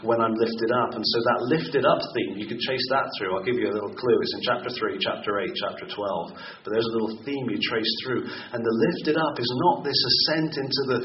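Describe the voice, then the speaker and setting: A man preaching a sermon in a lively, conversational way, reading scripture aloud and explaining it to his listeners. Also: medium pitch, fairly quick, few pauses. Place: meeting hall. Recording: roomy, distant, dull lo-fi recording with faint noise.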